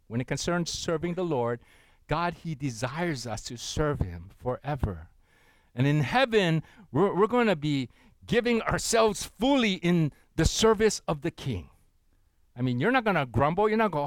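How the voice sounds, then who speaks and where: Man preacher, middle-aged, animated sermon delivery, dry close sound. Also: high voice, no echo. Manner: animated, calls for congregation responses, often repeats words.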